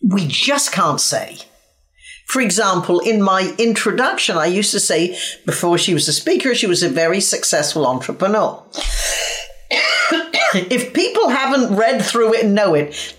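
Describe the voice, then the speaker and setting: Dorset-accented woman, a speaking coach, unhurried and blunt, guest on an interview. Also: a little high, a bit bright. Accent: Dorset English. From England. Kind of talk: interview conversation.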